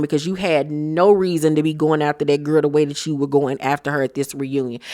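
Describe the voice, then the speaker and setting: Heated, profane woman recapping reality TV. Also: low-pitched. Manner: blunt, heated, swears a lot. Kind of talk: profane opinionated recap chat.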